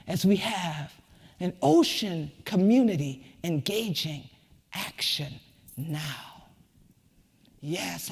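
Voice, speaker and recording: A woman with a Gullah Geechee accent, from the Sea Islands, giving a rhythmic spoken-word keynote that swings between whispers and shouts. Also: fairly low pitch, breathy edge, long reverb tail. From Sea Islands of the American Southeast. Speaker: community leader and keynote speaker.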